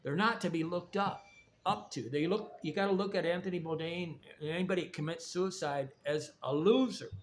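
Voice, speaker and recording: A man's voice: a little high, a little fast. A man giving a blunt, rambling, preachy monologue about recovery and trauma. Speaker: vlogger. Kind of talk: casual monologue. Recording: faint background noise.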